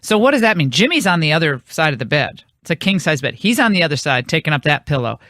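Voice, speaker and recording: A woman's voice: deep voice, big pitch swings, fast talker, a bit bright, no echo, studio quality. A woman hosting a radio talk show, telling a long rambling anecdote in casual on-air chat. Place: radio studio.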